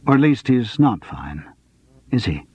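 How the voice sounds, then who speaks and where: A calm, probing man, as a narrator plays him who presses his questions in a measured, persistent way. The voice is husky with a lively rise and fall, heard in a dull, dry storybook recording. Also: medium pitch. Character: calm probing man, quietly insistent investigator.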